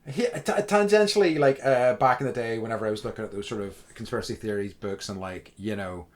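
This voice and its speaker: A man's voice: lowish voice, fast talker. A man co-hosting a podcast, chatting casually and rambling with lots of fillers and restarts. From outside the USA. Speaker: podcast co-host. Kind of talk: casual chat.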